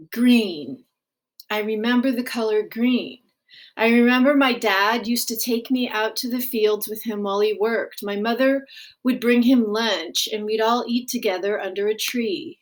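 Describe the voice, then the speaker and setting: A woman reading a graphic novel aloud, in a gentle, unhurried storytelling manner. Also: fairly high pitch. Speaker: audiobook reader.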